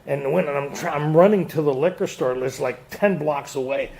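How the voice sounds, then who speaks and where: A man's voice: a little high, normal speed, gravelly, a little mellow, a little hiss or hum. A man speaking to a recovery group, telling his story with laughs and acted-out quotes.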